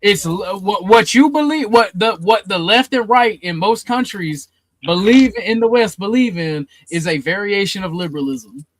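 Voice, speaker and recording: A man's voice: high-pitched, lively intonation, normal speed, slight background noise, low-quality recording. A man with a Southern US accent hosting a heated call-in panel, blunt and profane. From Southern United States. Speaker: host.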